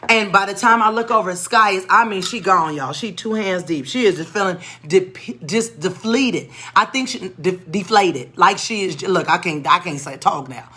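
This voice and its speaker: An animated woman educator tells a story from her teaching. Her voice is bright and forceful, and she acts out the voices of the people in it. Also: lowish voice, moderate pace, few pauses. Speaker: educator and tutor.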